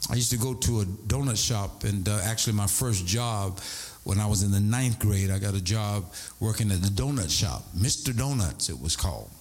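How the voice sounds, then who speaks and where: A middle-aged man preaching a sermon from the pulpit, telling stories in an animated way that swings between high and low. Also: moderate pace. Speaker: pastor.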